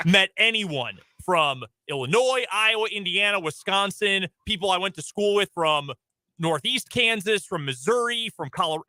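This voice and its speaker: Bright, lively Upper Midwest radio man. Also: high voice, no echo. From Chicago area. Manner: chatty, rambling, quick to laugh. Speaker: sports radio co-host. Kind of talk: casual sports talk chat. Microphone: studio microphone.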